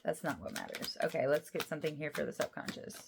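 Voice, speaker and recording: Excitable low-voiced woman reading tarot. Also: fast, gravelly, noisy background. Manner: emotional and excitable, rambling with many restarts. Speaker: tarot reader. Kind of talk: casual tarot card reading to viewers.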